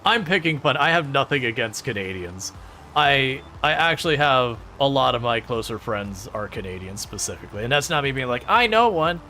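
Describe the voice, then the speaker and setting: A man's voice: mid-range voice, expressive, a little fast, pushed and bright, slight background noise. A man chatting casually with his live-stream viewers while he plays a farming game, joking, laughing often and restarting his sentences. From Michigan, United States. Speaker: gaming streamer.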